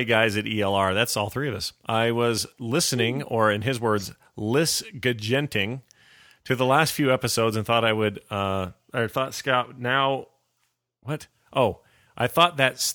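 A man's voice: lowish voice, bright, forceful tone, no echo, studio quality. A man hosting a casual podcast, joking, laughing often and rambling through asides. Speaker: podcast host.

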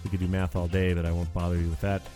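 A man's voice: deep voice, monotone, very fast, warm tone, faint music behind. A man hosting a podcast in casual chat, joking and bantering with his co-hosts. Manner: jokey, playful banter. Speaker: podcast host.

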